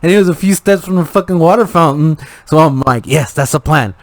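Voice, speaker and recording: A young man co-hosting a podcast, telling swear-filled stories in casual, animated chat. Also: on the high side, brisk, no echo. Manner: profane, animated storyteller. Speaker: podcast co-host.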